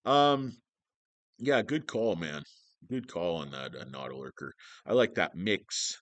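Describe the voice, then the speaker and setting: A man's voice: deep voice, lively intonation, unhurried, fairly bright tone, dry recording. A man hosting a stock-market livestream, joking, swearing and rambling as he greets viewers.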